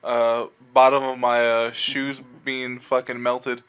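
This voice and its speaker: A man's voice: mid-range voice, little pitch movement, slow pace, a bit bright, clear, resonant tone. A man around thirty co-hosting a casual podcast, rambling through a story with laughs and swearing. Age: 30s. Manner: rambling, laughing, lots of backchannel hums. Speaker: podcast co-host. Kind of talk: casual profane chat among friends.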